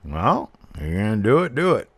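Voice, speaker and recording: A man's voice: lowish voice, normal speed, creaky, breathy edge, no room sound. A middle-aged man co-hosting a podcast, chatting casually through a wrestling recap and acting out what the wrestlers said. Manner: animated, acts out wrestlers' lines in put-on voices. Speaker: podcast co-host.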